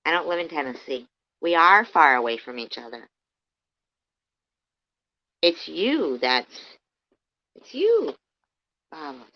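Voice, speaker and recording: A woman ranting angrily on a livestream, swearing heavily and swinging between low muttering and loud outbursts. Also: lively intonation, a little slow, long pauses. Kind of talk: angry ranting livestream commentary. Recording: dull lo-fi stream audio.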